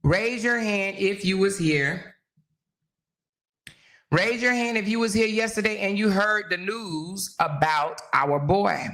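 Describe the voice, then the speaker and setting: A woman talk-stream host with a bright, forceful tone and a medium pitch. She chats casually with her live audience. She laughs often and talks to them directly. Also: a little slow. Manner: animated, chatty, laughs often, addresses viewers directly. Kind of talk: casual gossip chat with live viewers.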